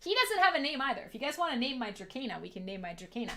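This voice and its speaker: A woman's voice: sits high, sing-song, racing, sharp tone. A woman hosting a casual livestream from home, joking with her chat in a profane, sarcastic, self-mocking way. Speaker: livestream host.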